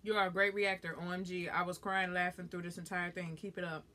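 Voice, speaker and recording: Bright-voiced Southern woman, blunt and profane. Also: fairly low pitch, level tone, fairly quick. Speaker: host reading viewer comments. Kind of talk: casual chat while eating.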